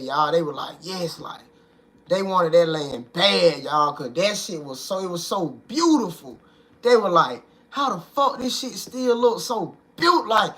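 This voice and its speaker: A young man hosting his own channel, talking straight to viewers in an animated, slangy monologue and leaning on "bro" and "man". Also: on the high side. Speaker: video host.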